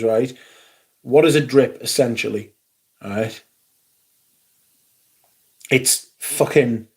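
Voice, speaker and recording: A man's voice: on the high side, darkish tone. Sweary, rambling man. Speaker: livestream host. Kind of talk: casual livestream chat.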